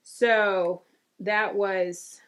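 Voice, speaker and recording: Young mom vlogging her birth story, rambly, lots of likes and ums, average pitch. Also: steady tone, very slow, smooth. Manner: rambling, many filler words and restarts. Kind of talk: casual birth story vlog.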